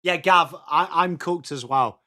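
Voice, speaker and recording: A young English man hosting a live football watchalong, chatting excitably with viewers and calling out plays. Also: a little high, measured pace. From England. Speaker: watchalong stream host.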